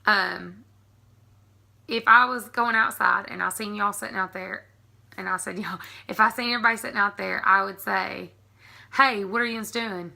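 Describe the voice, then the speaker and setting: A woman's voice: mid-range voice, fairly even intonation, moderate pace, creaky, sharp tone. A woman in her thirties with a Southern American accent, chatting casually and giggling through an accent tag video. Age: 30s. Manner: chatty, giggly, frequent ums. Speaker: vlogger.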